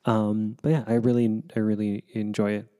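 A man's voice: on the low side, little pitch movement, normal speed, warm tone, smooth. A man co-hosting a casual podcast, chatting loosely with lots of fillers. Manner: rambling, with many fillers. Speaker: podcast co-host. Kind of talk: casual chat.

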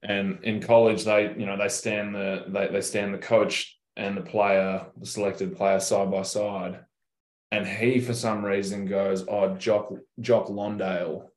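Young Australian guy, deep and monotone, relaxed storyteller with a salty mouth; echoey room. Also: unhurried. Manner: laid-back, swears freely, tells stories. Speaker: professional basketball player, guest. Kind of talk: casual interview chat. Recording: roomy echo.

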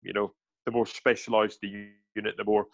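A man, a former soldier, telling animated anecdotes in a casual interview, slipping into quoted voices and restarting his sentences. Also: lowish voice, fairly quick, gravelly, no echo.

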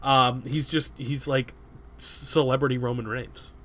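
A man co-hosting a podcast, chatting casually with quick, laughing commentary. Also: mid-range voice, flat delivery, fairly bright tone, a little hiss or hum. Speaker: podcast co-host. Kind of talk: casual chat.

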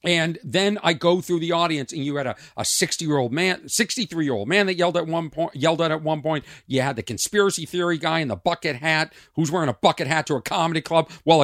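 Comedian guy hosting his podcast, acts out the stories, kinda high voice, super dry close mic. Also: no echo. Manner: animated storytelling, acts out exchanges. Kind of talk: casual podcast monologue.

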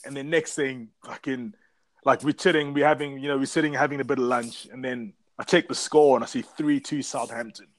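A South African man with a mid-range voice co-hosts a podcast, speaking fairly quickly and steadily. He rambles through stories in casual, profane chat.

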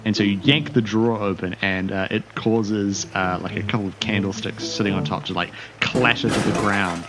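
A man's voice: fairly low pitch, fairly even intonation, moderate pace, a crowd in the background. A man narrating as game master of a tabletop role-playing game, rambling with fillers and restarts.

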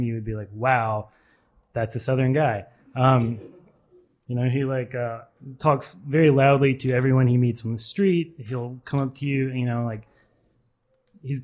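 A man's voice: medium pitch, a little mellow. A man at a live literary reading in a pub carriage house, nervously telling a rambling anecdote full of ums and restarts. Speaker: author reading at a literary event.

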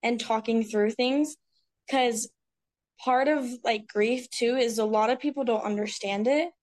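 A woman's voice: a little high, a little slow, a little mellow. A woman guest in a casual podcast conversation, talking earnestly and reflectively. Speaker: speaker at a women's retreat.

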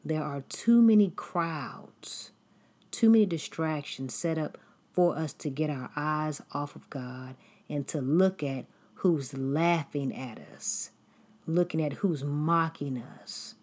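Low, slow, husky woman preaching. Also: a little mellow. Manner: deliberate, emphatic, repetitive preaching cadence. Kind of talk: sermon.

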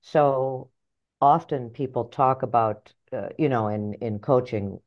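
A middle-aged woman author and life coach telling her story in an interview, animated and blunt, acting out voices in her head. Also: rumbling low, slow pace, lo-fi sound. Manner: animated, acts out inner voices, earthy phrasing.

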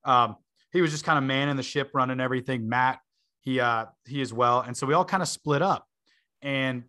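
Bright-voiced young man telling a rambling story. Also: medium pitch, a little fast. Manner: rambling, filler-heavy, laughing asides. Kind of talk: casual storytelling.

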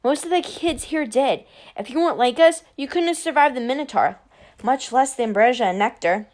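A woman's voice: high-pitched, animated, fairly quick, a little mellow. A woman voicing a clever, serious teenage girl who explains things patiently in an audiobook. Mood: explaining. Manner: earnest, matter-of-fact. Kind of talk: audiobook character voice.

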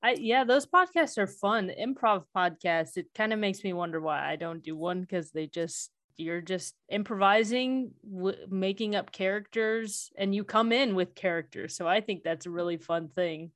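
A woman's voice: medium pitch, normal speed, hardly any pauses, a bit bright, no room sound, studio quality. A woman hosting a podcast, asking friendly, slightly hesitant questions in casual chat. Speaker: podcast host.

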